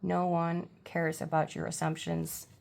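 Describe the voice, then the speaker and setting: A woman giving a casual pick-a-card tarot reading at home, halting and full of fillers, with blunt irritated outbursts. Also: on the low side, monotone, gravelly, a little mellow. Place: home, seated.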